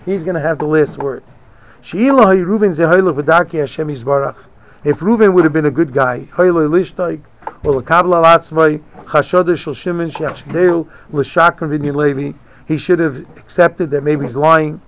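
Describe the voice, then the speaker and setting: A man's voice: on the high side, moderate pace, a little hiss or hum. A man teaching a religious text, reading Hebrew phrases and explaining each one in casual English. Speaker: Torah teacher. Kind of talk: Talmudic-style lesson, reading and translating.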